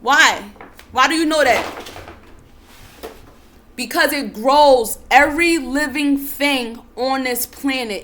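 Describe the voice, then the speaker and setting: Her voice sits fairly high as she leisurely draws out a spiritual lesson, returning over and over to gentle urgings to breathe and calm down. Between these soothing stretches, she leans heavily into her central ideas with emphatic swells.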